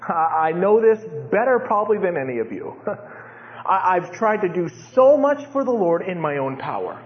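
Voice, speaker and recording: A man with a strikingly high voice preaches an animated sermon. He sometimes acts out his own pleading prayers in a strained, even higher voice. The recording sounds dull and lo-fi. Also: moderate pace. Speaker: pastor.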